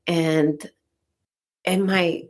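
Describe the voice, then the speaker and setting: A podcast host from the Dominican Republic speaks with a Dominican accent in a lowish, steady voice, drawing out her words. She tells a personal story chattily, peppering it with "like" and "right?"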